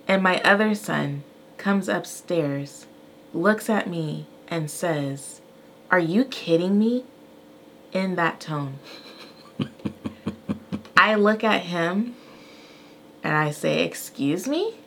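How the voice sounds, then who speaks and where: Lower-voiced woman telling a candid story. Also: slight background noise. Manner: animated, candid, acts out quotes. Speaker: podcast co-host. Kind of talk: casual storytelling.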